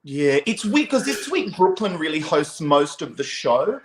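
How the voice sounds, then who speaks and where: A radio show host chatting casually, giving blunt quick reactions and opinions. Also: mid-range voice, big pitch swings. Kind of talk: casual chat. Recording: echoey room with faint background noise.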